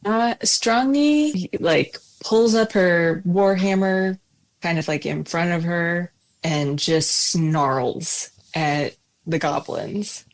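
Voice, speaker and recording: Female player, slow and low-key, hesitant. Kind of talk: casual tabletop game play.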